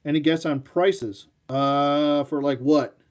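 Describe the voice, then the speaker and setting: A man's voice: fairly high pitch, slow pace. A man hosting a live toy showcase, chatting casually in a rambling, self-mocking way and talking to his dog. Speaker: toy collector host.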